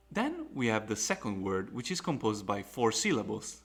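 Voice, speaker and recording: A man's voice: on the low side, sing-song, normal speed, hardly any pauses, fairly bright tone. A man teaching a recorded lecture on pronunciation, explaining carefully with fillers and restarts. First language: Italian. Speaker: Latin teacher.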